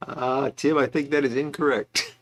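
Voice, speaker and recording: A man's voice: medium pitch, a bit bright. A man hosting a casual livestream, chatting loosely and reading out viewer comments with asides. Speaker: livestream host.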